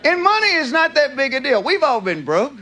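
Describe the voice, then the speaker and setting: High, lively Southern man on stage. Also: a little fast. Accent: Southern American. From American South. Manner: drawling storyteller, slips into character voices. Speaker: stand-up comedian. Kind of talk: stand-up comedy routine. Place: theater stage with live audience. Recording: live show with audience noise.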